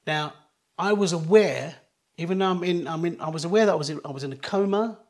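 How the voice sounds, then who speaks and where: Earnest middle-aged man, halting. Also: a little high. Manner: earnest, halting, many restarts. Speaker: guest, DJ. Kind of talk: personal storytelling in an interview.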